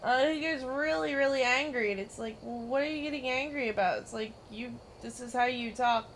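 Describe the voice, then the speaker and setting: A woman streaming a game, chatting casually, giggling and teasing, breaking into loud mimicking bursts. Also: on the high side, a little fast, a little hiss or hum.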